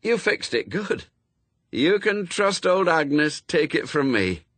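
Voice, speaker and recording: A man's voice: on the high side, very animated, a bit bright, dry recording, pitched above the performer's own voice, exaggerated voice. Man doing a stern young woman. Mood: brisk. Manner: stern, brisk.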